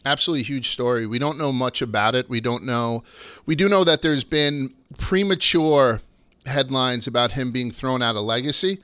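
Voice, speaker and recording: A man with a bright, forceful voice hosts a laid-back podcast and spins stories with plenty of swearing. His delivery is clean and crisp, recorded close and dry with no room sound. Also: medium pitch, normal speed, no echo. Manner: loose and swearing, storytelling. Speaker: podcast host. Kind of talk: casual podcast chat.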